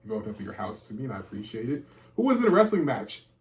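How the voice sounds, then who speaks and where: A man's voice: mid-range voice, big pitch swings, quick pace. Joking male interview host. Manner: joking, playfully deferential. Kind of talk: casual interview chat. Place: guest's house.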